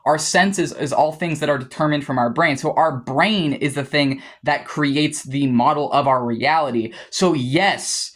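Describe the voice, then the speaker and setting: A man's voice: on the high side, measured pace, few pauses, a bit bright. A young man vlogging in a casual monologue to camera, heated and profane, rambling with frequent restarts.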